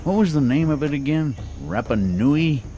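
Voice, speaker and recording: A man's voice: fairly high pitch, lively intonation, moderate pace, warm tone, slight background noise, natural voice. A man voicing a vain, whiny male stone head sunbathing in a video game.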